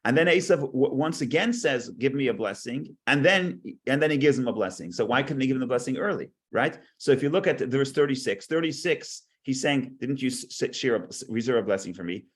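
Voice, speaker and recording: A man's voice: medium pitch, lively intonation, fairly quick, few pauses. Male teacher, text study lecture, reads verses then explains, repeats words mid-thought. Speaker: Torah class teacher.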